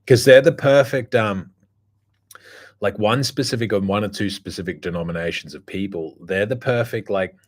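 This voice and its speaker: Man, very low pitch, casual monologue, blunt, swearing, rambling with fillers. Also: normal speed. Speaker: podcast host.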